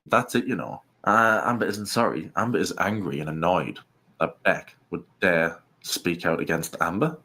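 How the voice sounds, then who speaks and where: A man giving casual, opinionated commentary, rambling with quick asides and restarts. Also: low-pitched, a bit bright, husky. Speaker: co-host.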